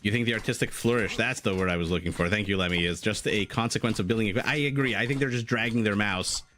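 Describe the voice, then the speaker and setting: Lowish-voiced guy casting a game live, jokey and chatty, reads his chat. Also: fast, fairly bright tone, slight background noise. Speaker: game caster.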